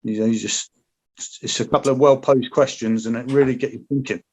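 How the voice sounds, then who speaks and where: A man's voice: mid-range voice, fairly even intonation, fairly quick, a little mellow, breathy edge. A man, a former paratrooper, chatting frankly as a podcast guest, rambling and swearing freely. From Britain. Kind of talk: casual interview chat.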